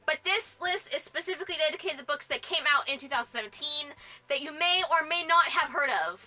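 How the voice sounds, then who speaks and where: A woman's voice: high voice, a little fast, sharp tone, rough recording. A woman presenting a casual book review vlog, bubbly and gushing, laughing often as she talks. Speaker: book vlogger.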